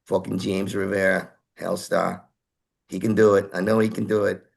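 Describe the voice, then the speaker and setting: Brash New York band manager, blunt and pushy, gravelly, a bit low, as a man puts him on. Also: flat delivery, normal speed, heavily acted. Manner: blunt, insistent, swears.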